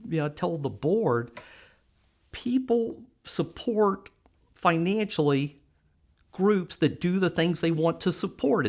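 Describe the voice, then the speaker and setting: A man's voice: on the high side, gravelly. A middle-aged man telling stories in an interview, acting out what people said and laughing often. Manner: animated storyteller, acts out quoted voices, laughs often. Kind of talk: conversational storytelling interview.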